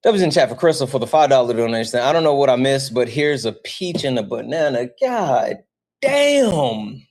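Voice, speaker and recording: Animated young man chatting on a livestream. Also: medium pitch, fast talker. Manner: animated, swears casually, talks straight to chat. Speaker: livestream host. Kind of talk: casual livestream chat reading donations.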